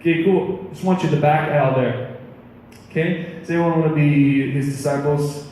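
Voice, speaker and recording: A man preaching a casual youth sermon, animated and chatty, with a voice sitting a little high. He is heard from a distance across a reverberant hall, with long echo tails and faint room noise. He tells stories in a loose, conversational way. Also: normal speed. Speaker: youth pastor. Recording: echoey hall, mic far off.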